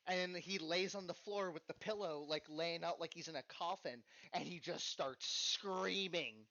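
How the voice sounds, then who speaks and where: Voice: medium pitch, measured pace, bright, forceful tone. A podcast host telling a story in casual chat, acting out the voices and swearing freely. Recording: dull lo-fi podcast recording.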